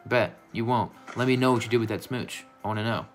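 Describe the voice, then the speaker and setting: A man's voice: mid-range voice, fairly even intonation, fast talker, faint music behind. A man hosting a casual gaming vlog from his room, talking in a goofy, rambling, playfully affectionate way. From United States. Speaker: gaming YouTuber.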